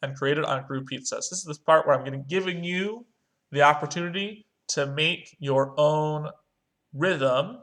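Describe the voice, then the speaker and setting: A man's voice: fairly high pitch, normal speed, a bit bright. A male music teacher, walking young students through a screen-recorded online lesson step by step. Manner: talks through clicks step by step, chants rhythm syllables.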